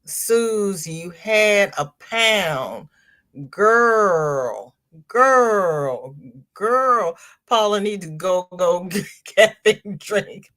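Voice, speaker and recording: A middle-aged woman hosting a casual crochet livestream, reading viewer comments aloud and chatting warmly with her audience, calling them "girl" and "honey" amid frequent ums and restarts. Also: mid-range voice, slow.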